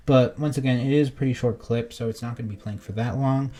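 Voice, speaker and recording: A young man doing reaction commentary as an online creator, swearing freely and swinging between muttering asides and loud exasperated outbursts. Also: medium pitch, steady tone, quick pace. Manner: profane, exasperated, swings from mumbling to yelling.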